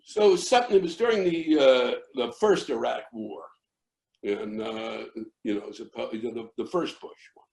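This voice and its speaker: An older American man, a comedian, tells a rambling story that keeps restarting and builds into yelling. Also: mid-range voice, moderate pace, vocal fry, low-quality recording. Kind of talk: storytelling interview.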